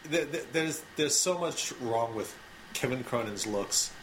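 A man's voice: medium pitch, animated, a little slow, a bit bright, poor audio. A man hosting a casual music chat, dry and joking, often hesitating mid-sentence. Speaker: podcast host. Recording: clear background noise.

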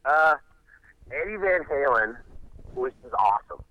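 A man's voice: mid-range voice, expressive, a little slow, no room sound, dull audio. A middle-aged man, a musician guest, telling rambling stories in an interview. He restarts often and acts out the quotes of the people in his stories. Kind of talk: animated storytelling in an interview.

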